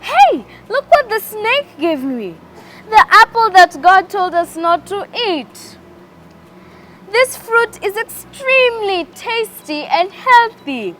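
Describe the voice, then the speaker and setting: An eager, curious young woman, as the narrator puts her on in a children's storybook, bubbly and exclaiming. Her voice is high and very lively, with slow delivery and faint music behind. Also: slight background noise, full character voice. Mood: eager excited.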